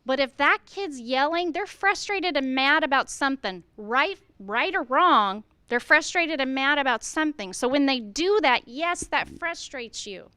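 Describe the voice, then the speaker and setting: A middle-aged woman, a school administrator, talks earnestly to fellow educators at a staff meeting in a high-pitched, expressive voice that sounds pushed and bright. She speaks unhurriedly with few pauses, firing off rhetorical questions and acting out how teachers should speak to students, with no room sound.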